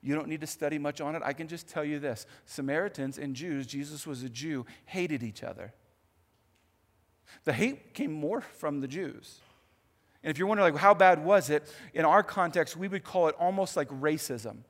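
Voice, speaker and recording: A male pastor preaching a sermon in a church, telling the story in an animated, conversational way with asides. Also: on the high side, moderate pace. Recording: long hall reverb.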